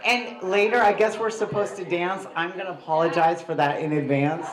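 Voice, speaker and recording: A woman's voice: fairly low pitch, fairly even intonation, normal speed, heavy background noise. A middle-aged woman, the groom's mother, giving a rambling, giggly wedding toast in a barn. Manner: rambling, giggly, self-deprecating. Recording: echoey reception hall with crowd.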